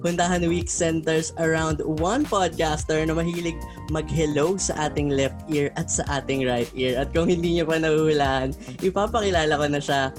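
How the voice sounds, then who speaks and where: A man's voice: on the high side, steady tone, brisk, over music. A man hosting a podcast, chatting in an upbeat, casual way and mixing Tagalog and English. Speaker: podcast host.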